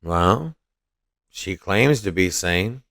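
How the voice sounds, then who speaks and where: A man's voice: low-pitched, animated, drawn-out words, noisy background. A man hosting a podcast, giving profane, mocking and combative political commentary. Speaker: podcast host.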